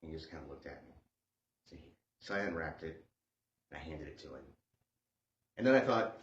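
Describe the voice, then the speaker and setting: A man doing a stand-up comedy set, sarcastic and animated, swinging between loud outbursts and hushed asides. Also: mid-range voice, fairly quick, pauses often. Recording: dull lo-fi sound in a roomy space.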